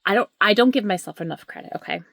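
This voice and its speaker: Woman vlogging at home, raw rambly emotional talk, some whispery bits, gravelly voice. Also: mid-range voice, quick pace, a bit bright, dry recording. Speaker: vlogger sharing her grief. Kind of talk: candid talking-to-camera vlog. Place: at home, indoors. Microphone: handheld camera or phone.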